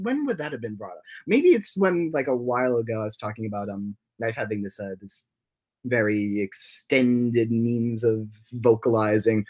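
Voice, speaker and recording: A man hosting a casual livestream, rambling through his thoughts and reading chat comments, with many restarts and repeated words, and often jumping up into high, giddy laughing bursts. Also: moderate pace, darkish tone. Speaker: livestream host and animation creator.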